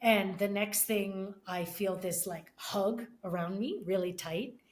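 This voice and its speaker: A middle-aged woman, a podcast guest, telling a personal story with many restarts and pauses, often emotional. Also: medium pitch. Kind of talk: casual conversation.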